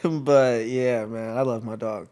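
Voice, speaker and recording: A man's voice: medium pitch, steady tone, slow, darkish tone. A young man from the United States, a guest athlete in a casual chat, telling stories in a laid-back, slang-heavy way with easy laughs.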